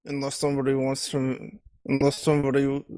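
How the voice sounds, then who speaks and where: A man's voice: medium pitch, monotone, brisk, warm tone. A man playing a tabletop game over voice chat, brash and demanding, often in character. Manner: brash, demanding, playfully rude. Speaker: player. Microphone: online voice chat mic.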